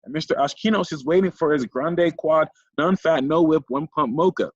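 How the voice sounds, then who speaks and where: Brief: frazzled young female assistant, raised and rushed, as a husky male reader puts her on. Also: on the high side, no room sound, pitched above the performer's own voice, lightly acted. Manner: rattles off long coffee orders. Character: young female production assistant, eager, harried. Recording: dull lo-fi recording.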